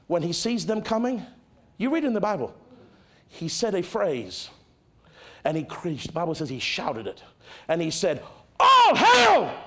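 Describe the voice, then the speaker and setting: Pastor, male, higher voice, very animated delivery; dramatic sermon with loud peaks and quiet drops. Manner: dramatic preaching, swings from loud exclamations to hushed tones.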